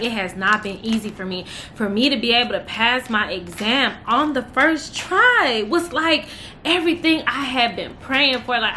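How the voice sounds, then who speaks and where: Chatty young woman, bright voice. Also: fairly high pitch, a little hiss or hum. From Texas. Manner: chatty, emotional, addresses viewers as y'all. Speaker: vlogger, newly licensed nurse. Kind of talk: casual chat to camera.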